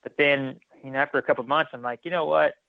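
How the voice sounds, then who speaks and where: Male podcast guest, animated storyteller, dry and phone-thin. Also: a little high, quick pace, creaky, no echo. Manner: animated, re-enacts dialogue, many restarts. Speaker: podcast guest, former military firefighter. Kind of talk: casual storytelling interview. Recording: tinny phone-like line.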